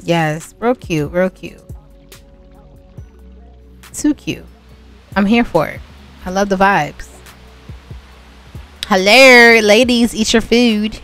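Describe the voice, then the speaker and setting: A woman's voice: medium pitch, slow pace, pauses often, soft background music. Chatty young woman narrating gameplay. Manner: chatty, talks straight to viewers, exasperated asides. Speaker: gameplay vlogger. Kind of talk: casual gameplay commentary.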